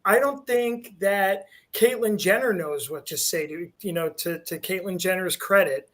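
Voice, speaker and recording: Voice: medium pitch, unhurried. Wisecracking panel guest. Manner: wisecracking, laughs at own jokes. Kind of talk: joking panel banter.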